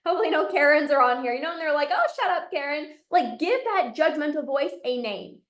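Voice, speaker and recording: A woman's voice: high voice, animated, fast talker, reverberant. A woman, a binge eating coach, giving an emphatic motivational talk to a live audience and repeating her key phrases.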